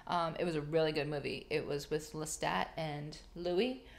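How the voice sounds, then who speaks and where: Chatty woman co-host with a lowish, gravelly voice for a casual pop-culture podcast. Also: steady tone, normal speed. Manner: chatty, storytelling with restarts. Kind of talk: casual chat.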